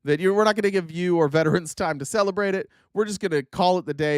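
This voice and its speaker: A man hosting a political commentary stream, sarcastic and animated as he reacts to clips. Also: sits high, fast, no room sound, studio quality. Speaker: streamer host.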